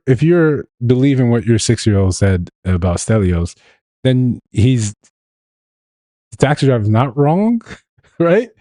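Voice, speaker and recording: A man's voice: medium pitch, warm tone, no room sound, clean studio sound. A man hosting a live show, giving rambling, gossipy reaction commentary full of fillers and restarts. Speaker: show host.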